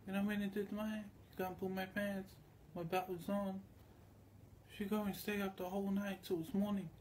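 A man's voice: high voice, little pitch movement, normal speed, darkish tone, slight background noise. A man talking in a loose, meandering monologue, often slipping into quoted voices as he tells his story. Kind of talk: rambling monologue.

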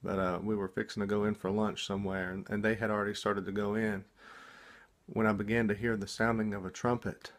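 A man telling about a dream he just woke up from, in a casual, halting testimony full of restarts and repeated words. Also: fairly low pitch, flat delivery. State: just woken up.

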